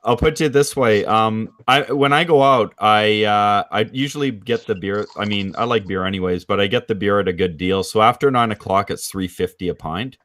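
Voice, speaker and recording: A man from Canada, a guest on a livestream, chatting in a relaxed, easygoing way. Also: on the low side, moderate pace, few pauses. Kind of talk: casual chat on a livestream.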